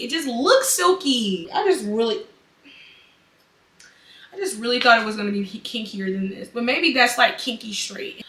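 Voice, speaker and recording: A young adult woman vlogging a casual haul, dramatic, excitable and chatty. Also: on the high side. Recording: echoey room, mic at a distance.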